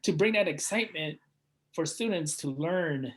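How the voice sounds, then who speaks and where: An energetic man talks in a casual interview, his voice sitting a little higher than most men's. He is a coach by trade and keeps tagging his points with "right?". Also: normal speed. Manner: energetic, often adds "right?". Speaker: guest, performance coach.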